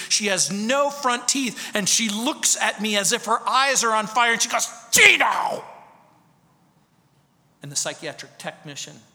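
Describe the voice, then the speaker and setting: A man in his fifties preaches a sermon and tells a story with drama, rising high, then sinking to a hush. His voice is very bright and fairly high. A long reverb trails off around him in a hall. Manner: dramatic storytelling, swinging from loud to hushed. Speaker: pastor.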